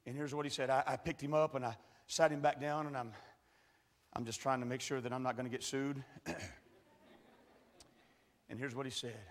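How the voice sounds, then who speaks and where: A man preaching a sermon and telling a folksy story, dropping to quiet asides and rising to shouted preaching. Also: mid-range voice, flat delivery, normal speed, long pauses. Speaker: pastor. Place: large church hall. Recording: echoey church hall.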